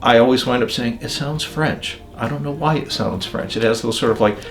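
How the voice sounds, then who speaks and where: An older man talking about records and turntables in a relaxed, digressive interview, with many pauses and fillers. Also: mid-range voice, faint music behind. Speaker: audio magazine editor.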